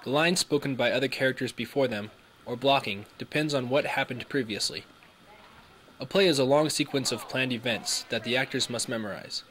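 A man's voice: medium pitch, a little fast, fairly bright tone, a little hiss or hum. A man giving earnest scripted narration for a school documentary.

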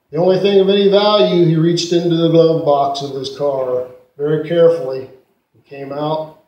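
A man preaching a sermon and telling stories, dramatically swinging from loud peaks to hushed asides. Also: on the high side, lo-fi sound. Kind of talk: sermon storytelling. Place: church sanctuary. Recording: echoey church room.

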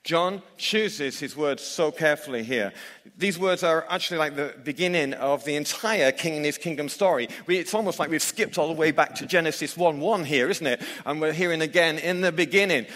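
A man delivers an emphatic sermon, often turning to his listeners with rhetorical questions. His voice sits a little high for a man. The sound rings out with the long reverb of a large church hall. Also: fairly quick, a bit bright. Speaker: preacher.

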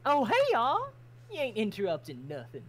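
A woman's voice: mid-range voice, huge pitch swings, voice pushed up. Woman doing a drawling Southern bird-woman farmer. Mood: friendly. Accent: American Southern. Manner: folksy drawl, quick to scold.

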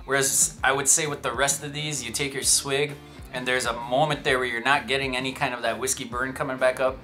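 A man talks through a whiskey tasting in a relaxed, chatty way, with a bright, forceful voice. He tosses in jokey asides as he goes, and faint music plays behind him. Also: medium pitch, brisk. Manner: chatty, self-amused, joking asides. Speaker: whiskey reviewer. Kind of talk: casual tasting review. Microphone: shotgun microphone.

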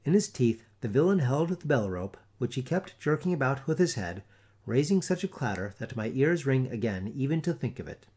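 A man reading a classic tale aloud in a theatrical, expressive storytelling manner. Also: medium pitch, normal speed, breathy edge. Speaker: audiobook narrator. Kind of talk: scripted story narration.

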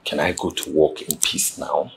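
A man's voice: very deep voice, little pitch movement, moderate pace, creaky, roomy sound, heavy background noise. An actor with a Nigerian accent playing a stern businessman who lectures his wife and new secretary. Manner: curt, lecturing and impatient. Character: stern businessman husband and company boss. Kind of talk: Nollywood film acting.

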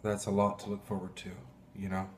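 Man, pastor, low voice, emotional sermon, faint background noise. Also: monotone, a little mellow. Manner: heartfelt, halting, clears throat often.

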